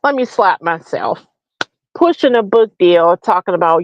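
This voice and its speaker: Slow, mocking woman host, lo-fi sound. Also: fairly low pitch, lively intonation, a little hiss or hum. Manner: mocking, profane, full of rhetorical questions. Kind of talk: comedic political rant. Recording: dull lo-fi recording.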